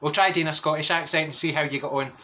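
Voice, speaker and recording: A man's voice: a little high, steady tone, quick pace, bright, forceful tone. A man playing a gossiping middle-aged Glasgow woman with a Glaswegian accent, telling rambling comic stories with lots of exclamations. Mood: gossipy. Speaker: comedy character monologue. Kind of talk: comic character storytelling.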